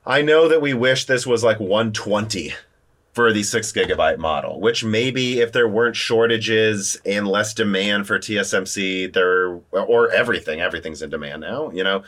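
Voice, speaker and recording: Low-ish guy hosting a tech podcast, animated, jumps around in pitch. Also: normal speed. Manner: animated, talks through restarts, lively pitch jumps. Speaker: podcast host. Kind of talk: casual tech chat.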